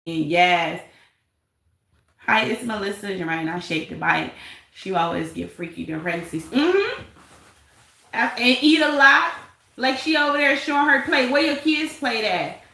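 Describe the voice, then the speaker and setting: Sassy lady running a live chat, bright sharp voice, a bit high, echoey room. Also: expressive, measured pace, gravelly, pauses often. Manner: sassy, laughing, gossipy. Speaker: live stream host. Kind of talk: casual live chat commentary.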